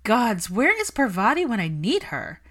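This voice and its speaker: Brief: woman doing a playful, wry young witch, bright and animated. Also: on the high side, moderate pace, pitched above the performer's own voice, heavily acted. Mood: bantering.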